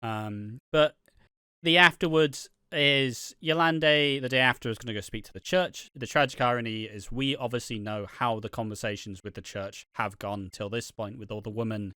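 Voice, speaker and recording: An English man chats on a podcast in a bright, clear voice. He stumbles and restarts his sentences often and swears offhandedly. The sound is close and dry. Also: mid-range voice, steady tone, dry recording. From England. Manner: halting, many restarts, swears casually. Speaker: podcast co-host. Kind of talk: casual podcast chat.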